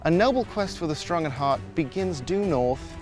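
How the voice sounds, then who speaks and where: A grand male quest narrator with a British accent reads out a riddle in a mock-solemn, dramatic way, as a vlogger puts him on. The voice is a little high and the delivery is storybook-style. Faint music plays behind. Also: animated, moderate pace, close to an everyday voice. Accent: British, put on.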